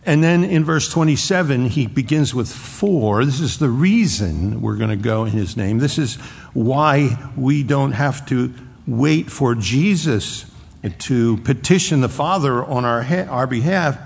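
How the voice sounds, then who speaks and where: A man preaching a sermon as pastor, earnest and emphatic, stressing words slowly and repeating himself as he drives a point home. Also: mid-range voice, animated, vocal fry, husky, in a large hall.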